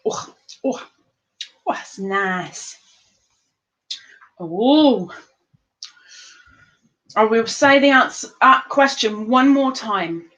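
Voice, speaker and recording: A woman hosting a live-streamed trivia game, chatty and playful, reading the questions out slowly. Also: on the high side, expressive, a bit bright, rough recording. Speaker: livestream quiz host.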